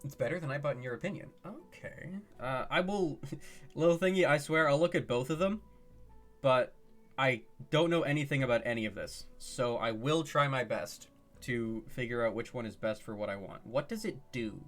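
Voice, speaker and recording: Chatty guy streaming live, excitable, laughs a lot, asks chat tons of questions, mid-pitched voice. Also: moderate pace, faint music behind.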